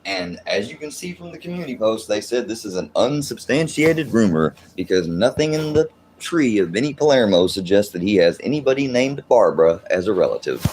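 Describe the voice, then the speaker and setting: A man's voice: lowish voice, expressive, normal speed, few pauses, a little mellow, slight background noise. A man hosting a livestream, ranting in a casual, profane, exasperated way and rambling as he talks to his chat. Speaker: livestream host.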